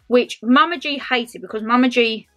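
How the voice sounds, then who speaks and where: A woman's voice: a little high, normal speed, a bit bright, faint music behind. A woman in her twenties doing a casual, rambling Q&A vlog to camera, calling her viewers her lovelies. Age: 20s. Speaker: lifestyle vlogger.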